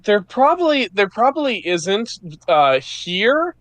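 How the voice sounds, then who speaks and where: A man's voice: sits high, very animated, takes it slowly, fairly bright tone, dry recording. A man running a tabletop game as game master, explaining rules in an easygoing way.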